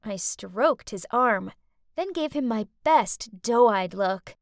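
A woman narrating an animated story in the first person with a high, very lively voice that swoops up and down. She tells it with dramatic expression, and the recording is close and dry. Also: a little slow, no room sound.

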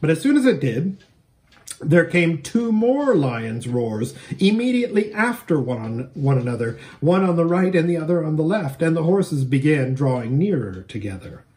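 A man, a pastor, reading a children's book aloud in an expressive, animated storytelling manner. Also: a little high, normal speed.

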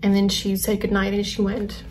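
A young woman vlogger telling a personal story in a soft, halting way that often sinks to a whisper. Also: medium pitch, completely flat delivery, a little hiss or hum.

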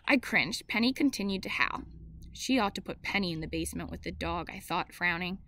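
Bright-voiced woman reading a novel aloud. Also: lowish voice, a little fast. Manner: steady first-person narration with small slips and self-corrections.

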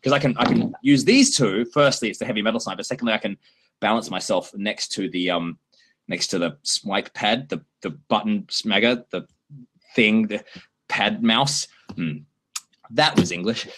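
An Australian man in his thirties hosts a casual livestream chat full of jokey, playful asides and animated, teasing broken-English bits. His voice is fairly low, at a moderate pace.

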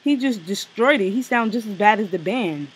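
A woman co-hosting a casual review chat, blunt and animated, with slang and profanity. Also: mid-range voice, moderate pace, slightly rough, poor audio. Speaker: co-host reviewing a TV special.

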